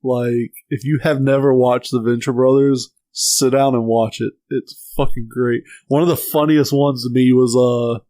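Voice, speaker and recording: A man co-hosting a casual podcast, swearing often and acting out cartoon scenes he loves with sudden high voices. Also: level tone, measured pace, few pauses, mellow, no echo. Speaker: podcast co-host. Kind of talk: casual chat.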